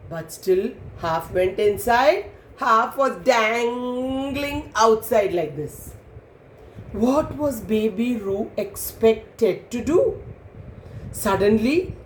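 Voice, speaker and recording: Lady reading a kids story, slow and lively, echoey room with a little noise. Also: a little high. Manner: animated, explains to children. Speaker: children's storyteller. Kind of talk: storytelling to children.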